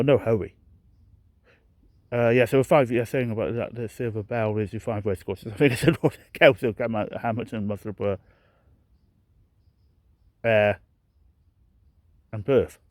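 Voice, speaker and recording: Man, mid pitch, breathless walking vlogger with a dry close sound, rambling and self-correcting. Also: darkish tone, dry recording. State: out of breath from climbing. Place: outdoors, hilly park walk.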